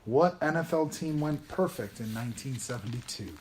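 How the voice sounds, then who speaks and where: A man hosting a casual podcast trivia game with brisk, wry patter. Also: mid-range voice, animated, darkish tone, slight background noise. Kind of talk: casual chat, quiz hosting.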